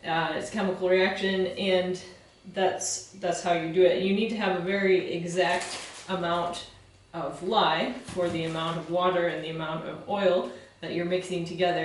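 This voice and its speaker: In a very echoey room, far from the microphone, a woman with a voice on the low side shows how she makes soap at home. Her friendly, plain explanations of each step include some fillers and restarts.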